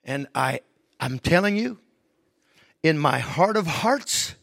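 High-voiced, emphatic male preacher. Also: lively intonation, slow, creaky, no room sound. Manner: emphatic, swinging from hushed to raised. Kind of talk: sermon.

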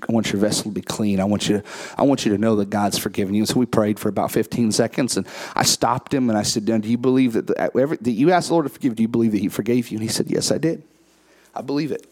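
A man, preaching and telling a story, acting out quoted dialogue in a lower voice and rising to high, emphatic peaks. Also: fast talker, darkish tone. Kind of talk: sermon storytelling.

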